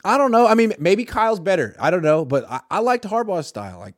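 Animated young man, dry close sound. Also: high voice, brisk, dry recording. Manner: animated, swears, shouts imitations of a coach. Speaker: sports podcast co-host. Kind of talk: casual sports talk.

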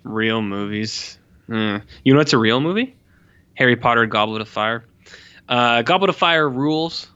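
A man's voice: mid-range voice, normal speed, clear, resonant tone. A young man chatting casually and animatedly about movies as a podcast co-host, swearing now and then. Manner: animated, swears, mimics characters with squeals. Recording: slightly dull lo-fi audio.

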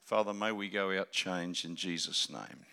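Gravelly older Australian preacher. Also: male voice, steady tone, normal speed. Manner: jokey, rambling preacher who swings from loud exclamations to low asides. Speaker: guest preacher. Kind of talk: sermon.

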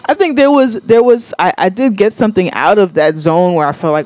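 A woman's voice: on the low side, lively intonation, fairly quick, hardly any pauses, darkish tone, no room sound. Frank, emotional woman podcast host. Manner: emotional, frank, swears freely. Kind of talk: candid casual podcast chat.

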